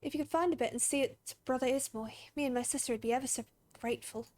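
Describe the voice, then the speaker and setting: A woman's voice: high voice, racing, darkish tone, lightly acted. A woman voicing a poor rustic child in a video game, speaking in a folksy drawl. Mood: wistful. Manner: folksy drawl, plain-spoken.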